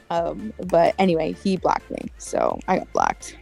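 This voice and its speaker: A woman's voice: on the low side, wildly swooping pitch, unhurried, vocal fry, a little mellow, faint music behind. A woman in casual chat with friends, talking in long runs and retelling conversations with quoted lines. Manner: chatty, retells stories with quoted voices, laughs often. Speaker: streamer chatting with friends.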